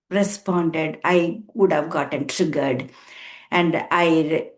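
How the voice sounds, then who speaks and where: Counsellor, sixties, female: deep-pitched, unhurried, earnest reflective talk with emphatic repeats. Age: 60s. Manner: earnest, slow and emphatic, repeating words for weight. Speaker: counsellor and therapist. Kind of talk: reflective personal talk to camera.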